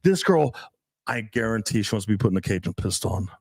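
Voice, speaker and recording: A man coaching on dating in casual podcast chat, talking in an animated, emphatic way with a lot of swearing. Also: lowish voice, a little fast, no room sound.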